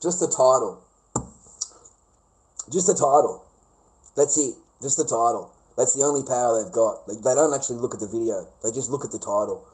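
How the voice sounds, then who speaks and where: A man with an Australian accent holds forth in a sneering, swear-filled rant, mocking the people he complains about. He stretches some words out slowly for weight, and his pitch sits in an ordinary middle register. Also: a little mellow, poor audio. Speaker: vlogger. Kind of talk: profane ranting monologue.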